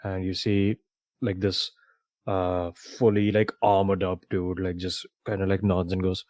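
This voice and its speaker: A man's voice: low voice, flat delivery, measured pace, darkish tone, no room sound. A man narrating as game master for a tabletop game, casual with lots of fillers.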